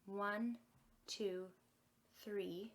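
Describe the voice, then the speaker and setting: A young woman leading a children's music and magic lesson in a gentle, encouraging way that is exaggerated for kids. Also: mid-range voice, steady tone, very slow.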